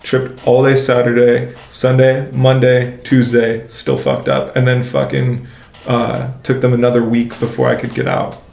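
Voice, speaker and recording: A young man talks in a loose, slangy way, cursing freely and packing his sentences with "like". His voice sits in a middle register with a flat melody and a gravelly edge. The room around him has a noticeable echo. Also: mid-range voice, unhurried. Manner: slangy, swears often, fills speech with "like". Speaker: guest. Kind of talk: casual storytelling. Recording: echoey room.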